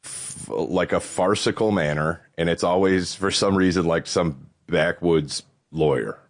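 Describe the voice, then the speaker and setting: Co-hosting a podcast, this man chats casually, rambling along with casual swearing and lively jumps in pitch. His pace is measured, and the recording is dry with clean studio sound.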